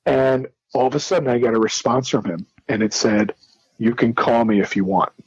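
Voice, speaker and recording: A man's voice: medium pitch, normal speed, breathy edge, dry recording, muffled recording. A middle-aged man from New Jersey, a guest telling his story casually and acting out the dialogue with lots of restarts. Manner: animated, acts out quoted dialogue with many restarts.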